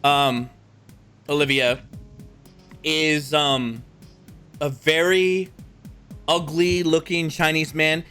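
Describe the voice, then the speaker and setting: A man runs a tabletop game, describing scenes slowly and rambling along with plenty of fillers. His voice sits a bit high for a man, and faint music plays underneath. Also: fairly bright tone, clear, resonant tone. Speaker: game master. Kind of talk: narrating a tabletop role-playing game.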